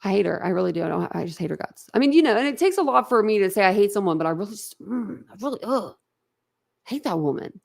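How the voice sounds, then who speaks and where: Gravelly, blunt woman. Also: medium pitch, animated, quick pace, darkish tone. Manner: rambling, blunt, laughs often. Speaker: livestream host. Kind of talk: casual chat with live viewers.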